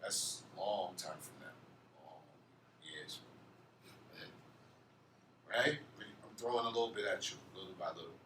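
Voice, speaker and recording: A man's voice: deep voice, unhurried, pauses often, a bit bright, distant mic, a little hiss or hum. A man teaching an Arabic grammar class, asking his students questions and answering them himself. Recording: echoey room, off-mic, faint ambience.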